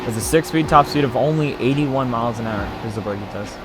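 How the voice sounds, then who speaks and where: A man hosting a gaming channel, giving a plain, steady commentary that walks through car features. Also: medium pitch, fast talker. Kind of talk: gameplay commentary. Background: faint background music.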